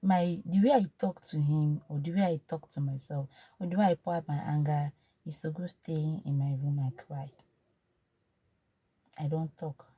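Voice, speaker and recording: This vlogger, a Nigerian-accented woman in her thirties, gives an emotional personal testimony, repeating herself and drifting between lively and hushed moments. She speaks at a moderate pace in a low, slightly rough voice.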